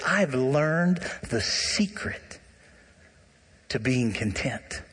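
A man preaching a sermon, animated and talking straight to his congregation. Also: on the high side, husky. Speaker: pastor. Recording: long hall reverb.

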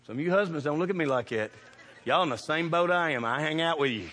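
A pastor with a fairly high voice preaches fast in a church sanctuary, the recording carrying the reverb of the church hall. His sermon is built on funny stories, delivered with animated bursts of shouting and laughter through the punchlines.

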